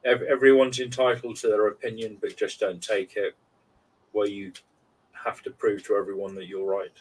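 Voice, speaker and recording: A man's voice: fairly low pitch, flat delivery, normal speed, breathy edge. Rambling man in his forties. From United Kingdom. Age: 40s. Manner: rambling, heartfelt storytelling with many fillers. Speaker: podcast co-host. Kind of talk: casual chat. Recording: slightly distant mic with faint background noise.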